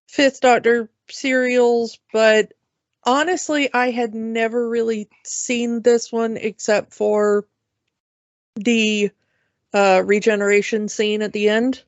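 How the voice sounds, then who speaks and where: A woman co-hosting a podcast, telling stories in a chatty, unhurried way with fillers. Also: fairly high pitch, fairly even intonation, no room sound. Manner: chatty, drawn-out storytelling with fillers. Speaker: podcast co-host. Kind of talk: casual podcast chat. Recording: dull lo-fi podcast mic.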